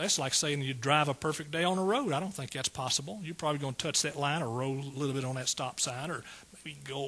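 A man preaches a sermon in a bright, high voice with a husky grain. His delivery is folksy and conversational, and he keeps checking in with the congregation and calling out to them.

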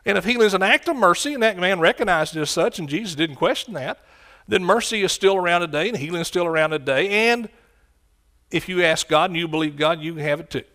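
Impassioned preacher, fairly high voice. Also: male voice, fairly quick. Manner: impassioned, rising to shouts and dropping low. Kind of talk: sermon.

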